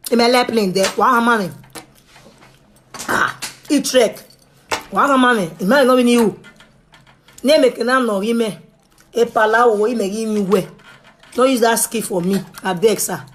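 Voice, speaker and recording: A young woman with a Nigerian Pidgin English accent, chatting straight to her viewers in a pleading, animated way that drops to a hush and rises loud. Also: fairly high pitch, measured pace, pauses often, slight background noise. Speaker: vlogger. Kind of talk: casual direct-to-camera talk.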